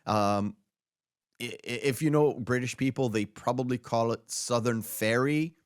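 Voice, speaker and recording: A man's voice: mid-range voice, a little slow, no echo, clean studio sound. A man hosting a casual movie podcast, rambling through trivia with many fillers and restarts. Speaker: podcast host.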